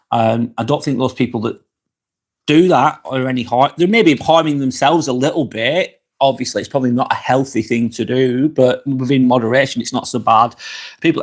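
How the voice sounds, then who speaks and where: A middle-aged man hosting a casual live vlog, talking frankly and swearing freely as he reads viewer comments. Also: mid-range voice. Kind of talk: casual live-stream chat reading comments. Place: apartment indoors.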